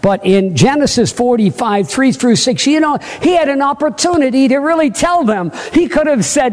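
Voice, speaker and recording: High-voiced preacher in an echoing hall. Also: male voice, sing-song, normal speed, hardly any pauses. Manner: emphatic, rising to fervent peaks, asks the congregation questions. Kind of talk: sermon. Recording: long hall reverb.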